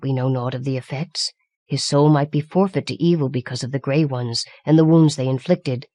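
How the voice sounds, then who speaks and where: A woman reading the part of a grave old man who guides the way, speaking low and hushed. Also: steady tone, moderate pace, no echo, clean studio sound. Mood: solemn.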